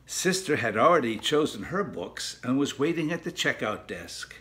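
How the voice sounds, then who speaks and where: Man reading a children's picture book aloud, unhurried and gentle, mid-pitched voice. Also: expressive. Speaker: storybook reader. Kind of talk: children's storybook read-aloud.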